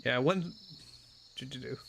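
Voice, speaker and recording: A man's voice: mid-range voice, measured pace, creaky, a crowd in the background. A man streaming a video game, chatting casually with lots of fillers and wry asides. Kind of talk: casual gameplay commentary.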